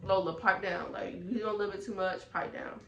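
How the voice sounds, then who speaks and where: A woman voicing a calm but firm mother, in an echoey room. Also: medium pitch, a little fast, lo-fi sound, lightly acted. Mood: soothing firm. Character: calm firm mother trying to settle a friend.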